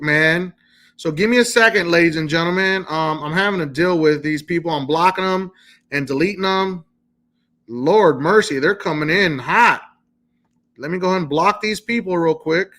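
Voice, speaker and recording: A man teaches his viewers over a live stream, hammering each point home with a constant "okay?". His voice sits high and comes across bright and forceful. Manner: talks insistently, repeating "okay?" after nearly every point. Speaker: credit repair educator. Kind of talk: live-streamed how-to talk.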